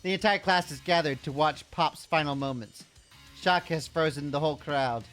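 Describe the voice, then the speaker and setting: A game master narrating a live-streamed tabletop game in a low, dramatic storybook manner. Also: normal speed, fairly bright tone, soft background music.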